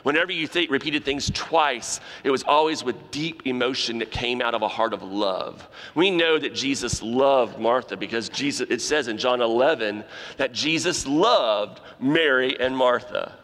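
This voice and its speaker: A pastor delivering an animated sermon in a church, acting out the voices he quotes. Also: mid-range voice, moderate pace. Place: church sanctuary. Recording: long reverb of a large hall.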